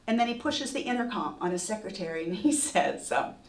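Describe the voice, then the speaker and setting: A woman telling a true story on stage, lively and self-mocking, often laughing. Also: mid-range voice, fairly quick. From Texas. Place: museum event space before an audience. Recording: echoey room, voice from far off.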